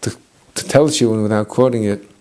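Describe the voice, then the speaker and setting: A man's voice: lowish voice, fast talker, a little mellow. A man teaching a Bible story with humor and energy, dropping in Hebrew and Yiddish terms. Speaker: Torah teacher. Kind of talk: animated biblical storytelling lesson.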